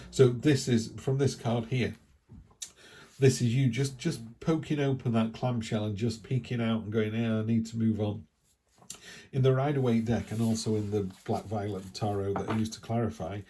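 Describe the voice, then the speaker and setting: A middle-aged man talks through a tarot reading. His voice sits a little low and sounds warm and mellow. He rambles in a chatty way, with animated asides. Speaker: tarot reader. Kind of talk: casual spoken tarot reading.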